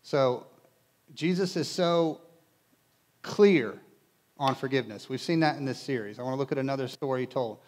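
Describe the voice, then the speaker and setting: A man's voice: medium pitch, normal speed, long pauses, darkish tone. A male pastor preaching to a congregation in a conversational way, with casual asides and humor. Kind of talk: sermon. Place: church in front of a congregation.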